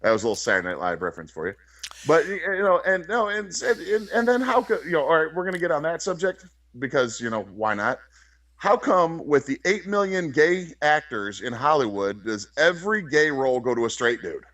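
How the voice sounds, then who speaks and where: A man's voice: on the high side, sing-song, a bit bright, dry recording. Rambling man from Chicago. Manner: rambling, halting, with frequent restarts and laughs. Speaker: podcast co-host, wrestler. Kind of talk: casual podcast banter.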